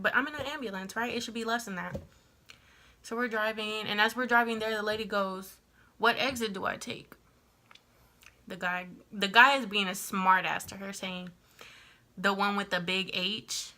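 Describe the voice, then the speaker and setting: A woman's voice: mid-range voice, bright, forceful tone. A young woman telling a personal story in a casual, rambling vlog style, full of fillers and asides. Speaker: vlogger.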